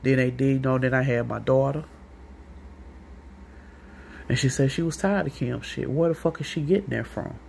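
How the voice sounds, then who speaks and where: A woman's voice: a bass voice, normal speed, vocal fry, long pauses, a little mellow, a little hiss or hum. A woman with a St. telling a long, rambling, profane story in a casual monologue, acting out what other people said. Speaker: vlogger.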